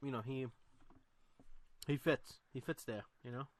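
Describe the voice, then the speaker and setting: A man's voice: medium pitch, unhurried, no room sound. A man co-hosting a casual podcast, talking in a laid-back way that leans on "you know" and "like". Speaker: podcast co-host. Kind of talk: casual wrestling chat.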